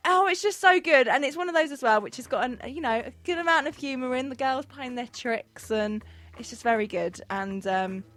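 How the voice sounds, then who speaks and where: A woman's voice: high-pitched, brisk, hardly any pauses, a bit bright. A woman co-hosting a casual chat, gushing enthusiastically about films. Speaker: co-host.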